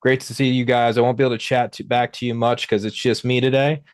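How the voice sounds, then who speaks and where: A man's voice: mid-range voice, level tone, fast, clean tone, no echo, clean studio sound. Rambling man hosting a market livestream. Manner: rambling, many fillers and restarts. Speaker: host. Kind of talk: casual livestream market talk.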